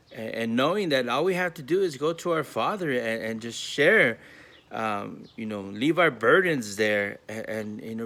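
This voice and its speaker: Man telling schoolkids a moral story from home, lots of you know and uh, bright voice. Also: mid-range voice. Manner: casual, filler-heavy, earnest. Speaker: school staff member.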